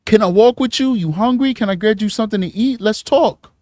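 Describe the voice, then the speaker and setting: A man voicing a smooth-talking male street predator with a Harlem accent, quietly coaxing and friendly-sounding. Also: high-pitched, a little fast, no room sound, clean studio sound, lightly acted.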